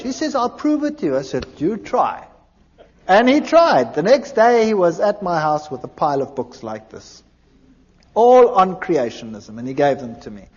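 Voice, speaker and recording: A man giving a personal testimony, telling his story in an animated way and acting out the dialogue. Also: high-pitched, moderate pace. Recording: dull lo-fi recording in a large reverberant hall.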